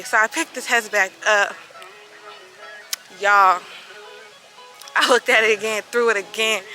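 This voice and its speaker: A young woman vlogger telling a personal story in a casual, animated way, acting out what people said. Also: fairly high pitch, a little slow, long pauses, faint music behind, rough recording. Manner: animated, dramatic retelling that acts out quoted voices.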